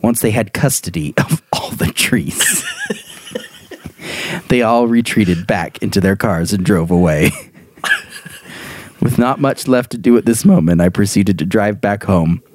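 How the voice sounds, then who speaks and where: A man's voice: fairly low pitch, lively intonation, unhurried, long pauses, darkish tone, no echo. A young man casually reading a funny dream story aloud, laughing often and breaking into banter. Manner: laughs often, puts on silly voices in quotes.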